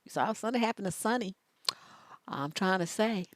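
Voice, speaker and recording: A woman relationship coach giving casual live-stream advice, sassy and animated, laughing often as she talks. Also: mid-range voice, a little fast.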